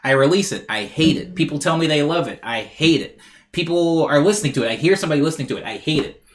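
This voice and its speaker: A man's voice: on the high side, animated, fast. A man chatting casually on a live music stream, rambling and self-deprecating as he reads out chat messages.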